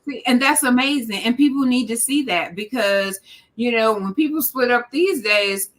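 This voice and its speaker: Give me a bright, expressive woman hosting a laid-back chat. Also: a little high, moderate pace. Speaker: podcast host. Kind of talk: casual chat.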